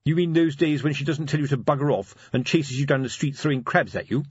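A man's voice: on the high side, fast, a little mellow, slightly rough, no echo, muffled recording, pitched above the performer's own voice. A man voicing a pompous, lecturing middle-aged police sergeant who talks in a fussy, hesitant way. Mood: wailing.

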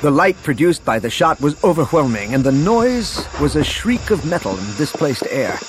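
A man's voice: fairly high pitch, big pitch swings, moderate pace, noisy background. A man narrating an action novel as an audiobook reader, reading expressively and voicing the characters' dialogue. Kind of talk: scripted narration.

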